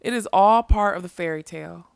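A rueful, kindly male magician who mocks himself, read by a woman. The voice stays low and slightly gravelly, recorded close and dry. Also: a little mellow, dry recording. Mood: wry, gentle. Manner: halting, apologetic and wry. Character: remorseful male magician, wry and gentle.

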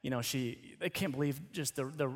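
A man's voice: mid-range voice, moderate pace. A man preaching a sermon, telling stories in a loose conversational way with many restarts. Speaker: pastor.

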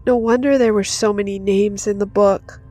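A woman's voice: medium pitch, steady tone, normal speed, dark tone. Narrator: woman, dramatic scripted horror reading, faint music underneath. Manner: dramatic, rising to intense in action.

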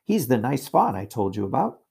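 A man's voice: medium pitch, sing-song, normal speed, vocal fry, a little mellow, slightly rough, heavily acted. A man reading aloud and voicing an eager little schoolgirl, the youngest sister.

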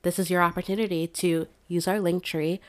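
A woman's voice: on the low side, flat delivery, fairly quick. A young woman co-hosting a podcast, telling stories in a chatty, laughing way. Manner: chatty, storytelling, lots of "like" and laughter. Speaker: podcast co-host. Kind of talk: casual chat.

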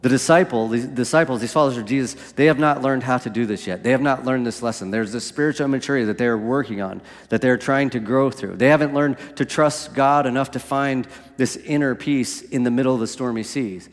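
A man's voice: medium pitch, a little fast, few pauses. Male preacher, easygoing sermon delivery, mid-range voice, hall echo. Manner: conversational, asks "right?" often.

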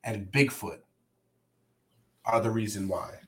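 A man's voice: fairly low pitch, slow pace, a loud crowd. A man hosting a casual podcast over a video call, joking, loose and profane. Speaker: podcast host. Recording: roomy echo, faint noise.

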